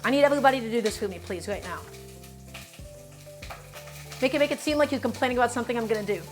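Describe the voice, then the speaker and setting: A woman's voice: fairly high pitch, quick pace, soft background music. A woman streamer teaching a cooking lesson live, chatty and emphatic, often addressing her chat directly.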